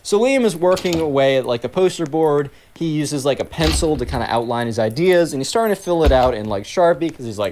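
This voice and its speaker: A man's voice: on the high side, expressive, a little fast, few pauses, a little mellow, a little hiss or hum. A man telling a story in a casual, rambling way, full of filler words, while he plays a game. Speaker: gaming channel host.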